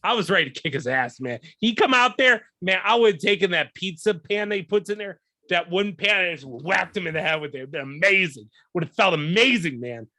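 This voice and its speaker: A young man hosting a podcast, telling a profane story in a casual, animated way and acting out what people said. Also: sits high, a little fast, few pauses, dry recording, studio quality. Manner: profane, animated, acts out quoted lines. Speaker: podcast host.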